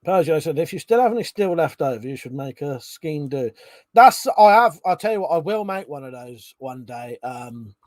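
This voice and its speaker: A man chatting casually on his live stream, voice sitting a little high. He swears freely and reads out comments from viewers. The sound is close and dry, with no room around it. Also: expressive, normal speed, hardly any pauses, no room sound. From Britain. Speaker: livestream host.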